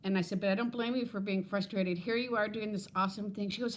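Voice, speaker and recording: A woman's voice: mid-range voice, fairly even intonation, quick pace, few pauses, a little hiss or hum. Chatty woman in her fifties. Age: 50s. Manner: rambling and chatty, laughs often, talks to viewers by name. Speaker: livestream host. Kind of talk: casual livestream chat. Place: at home. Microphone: phone.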